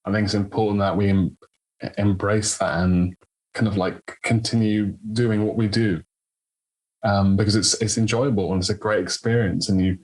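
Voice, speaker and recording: A man's voice: on the low side, low-quality recording. A man hosting a podcast, asking questions in a loose, casual way with many fillers. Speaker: podcast host. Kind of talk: casual interview chat.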